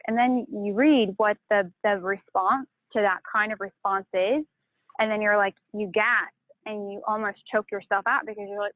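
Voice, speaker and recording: A woman's voice: mid-range voice, steady tone, normal speed, no room sound. A woman talking emotionally and casually, swearing and rambling about a painful breakup. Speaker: channel host. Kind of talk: emotional confessional chat. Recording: tinny phone-like line, dry.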